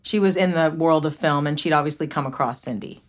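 A woman's voice: sits low, fairly quick. A woman hosting a podcast in casual chat, teasing and blunt with a dry edge. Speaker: podcast host.

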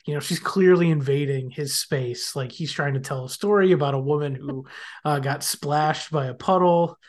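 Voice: mid-range voice, normal speed. A podcast host in casual chat, recapping an episode animatedly, laughing often and acting out quoted lines.

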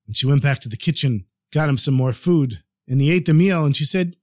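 Man telling a story with animated energy. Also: a little high, a little fast, dry recording, studio quality. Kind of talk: storytelling podcast narration.

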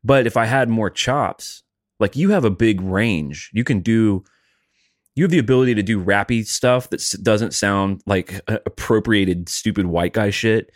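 A man with a low voice chatting casually about music, blunt and self-deprecating with loose swearing. The sound is dry and close, with no room around it. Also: unhurried, dry recording. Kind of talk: casual chat.

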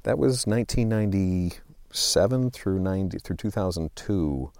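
A man's voice: deep voice, expressive, normal speed, a little mellow, dry recording. A man in his sixties, an interview guest telling stories about his career in a rambling, self-deprecating way. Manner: rambling, self-deprecating, with many fillers and restarts. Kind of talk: conversational interview.

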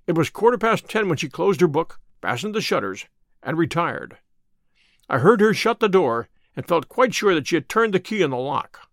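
A man reading the part of a sharp, wry, confident male detective in an audiobook, with a brisk, dry and self-assured delivery. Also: fairly high pitch, sing-song, no room sound.

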